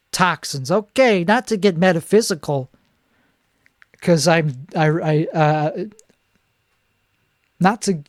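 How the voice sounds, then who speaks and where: A male comedian in a solo monologue, rambling in a deadpan way and correcting himself mid-sentence. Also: a little high, dry recording, studio quality.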